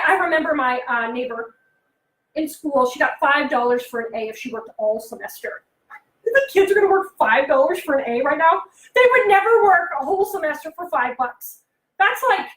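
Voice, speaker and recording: High-voiced animated woman, echoey room. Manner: animated, acts out kids' voices, asks the listener questions. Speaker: behavioral consultant and life coach. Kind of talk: casual advice talk.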